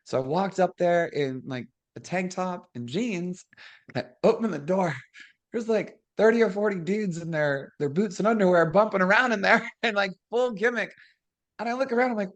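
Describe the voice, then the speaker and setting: A hoarse middle-aged woman, a guest and former wrestler, telling animated stories and acting out the people she quotes. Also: deep voice, brisk. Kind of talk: casual storytelling.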